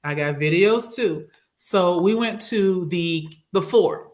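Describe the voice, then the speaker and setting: A woman recounting a personal trip in casual podcast chat, animated and acting out what others said, on a studio microphone. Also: fairly low pitch, slow. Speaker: regular co-host and guest.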